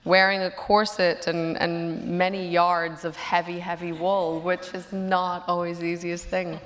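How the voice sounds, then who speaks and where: Woman, lowish voice, halting panel chat, large hall reverb. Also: flat delivery. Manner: hesitant, many fillers and restarts. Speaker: actress on a panel. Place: large auditorium on stage.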